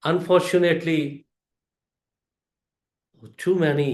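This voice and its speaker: High-voiced man speaking slowly. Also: roomy sound. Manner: slow, deliberate delivery with pauses and emphatic rises. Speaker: club member giving a prepared speech. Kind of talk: storytelling speech.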